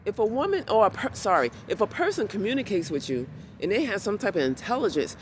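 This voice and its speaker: A woman's voice: mid-range voice, big pitch swings, fast, slight background noise. Emphatic woman vlogging outdoors. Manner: emphatic, repetitive, heartfelt. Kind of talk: casual monologue.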